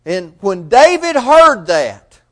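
A man preaching a sermon, asking his listeners rhetorical questions and swinging between loud emphasis and soft, quiet passages. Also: very high voice, sing-song, slow pace.

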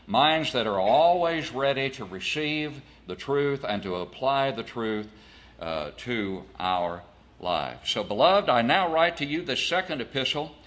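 Bright-voiced male preacher. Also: mid-range voice. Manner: deliberate, asks rhetorical questions. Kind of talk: expository sermon.

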